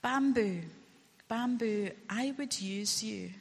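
A solemn master of a garden speaks low and slowly to his beloved plant, as a woman reading a folk tale puts him on. Her breathy voice stays hushed, and a long hall reverb trails each word. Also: exaggerated voice. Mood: grave. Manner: slow, grave and quiet. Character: grave, loving master of a garden, male.

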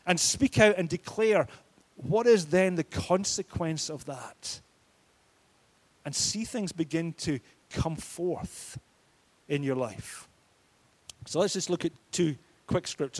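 A man preaching a sermon, emphatic and declaring, his force rising and falling. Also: sits high. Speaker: pastor.

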